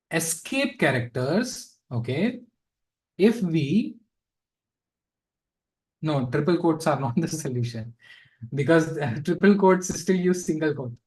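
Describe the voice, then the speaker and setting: Slow-talking man teaching code. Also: a little high, a little mellow, rough recording. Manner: casual, thinks aloud with fillers and asides. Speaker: programming instructor. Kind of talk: live coding lesson.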